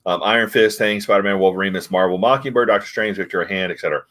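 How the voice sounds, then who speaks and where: A man's voice: low-pitched, fast talker, a bit bright. A man reviewing comic books in casual chat, retelling scenes and acting out the characters' lines.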